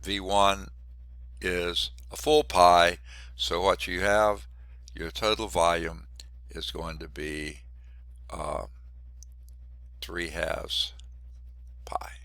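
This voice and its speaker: A man teaching a math class while congested and short of breath, clearing his throat often and adding wry asides. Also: sits low, flat delivery, very slow, pauses often, fairly bright tone, dry recording. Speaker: math instructor. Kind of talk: classroom lecture.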